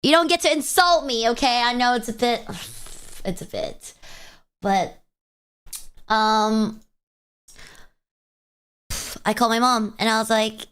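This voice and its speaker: Tearful woman streamer, smooth voice. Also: fairly high pitch, fairly bright tone. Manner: halting, hesitant, self-conscious. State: tearful, crying. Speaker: VTuber streamer. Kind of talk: casual chat stream.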